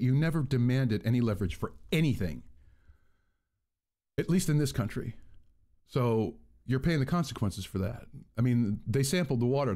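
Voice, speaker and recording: A channel host rants into an earbud mic in a casual vlog, rambling and swearing freely. His pitch rises and falls in a lively way, and he sounds exasperated throughout.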